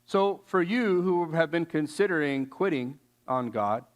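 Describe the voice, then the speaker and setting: A man giving a casual sermon, telling stories in an animated, slangy way with lots of fillers. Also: a little high, measured pace, muffled recording. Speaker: youth speaker.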